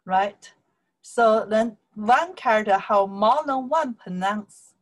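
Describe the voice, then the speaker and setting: A woman with a Chinese accent gives a slow, unhurried language lesson, repeating each sound and tone with care. Her voice sits at a middle pitch, and she checks in often with "okay" and "right" as she explains.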